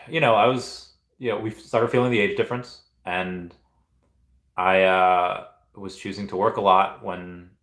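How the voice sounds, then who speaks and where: This live streamer, a man in his thirties originally from Peru, has a deep, slightly bright voice that echoes around the room. He chats casually and reads comments, rambling with frequent halts and restarts.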